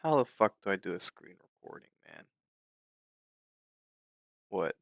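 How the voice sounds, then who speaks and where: A young man commenting on his trading during a live stream, frustrated and swearing in drawn-out outbursts. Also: sits low, sing-song, vocal fry, dry recording, low-quality recording. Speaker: livestreaming futures trader.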